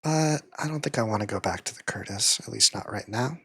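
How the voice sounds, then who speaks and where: A man hosting a let's play, casually thinking aloud about builds, with occasional bursts of excitement. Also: lowish voice, a little fast, gravelly, breathy edge, dry recording, clean studio sound. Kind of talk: casual gameplay commentary. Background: loud game music and artillery fire.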